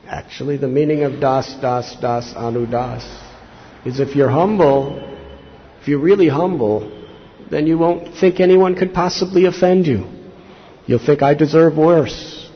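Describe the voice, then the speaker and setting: A man's voice: on the high side, a little slow. A man giving a devotional sermon as a monk, telling scripture stories earnestly and acting out quoted lines with rising intensity. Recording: slightly dull lo-fi recording with faint noise.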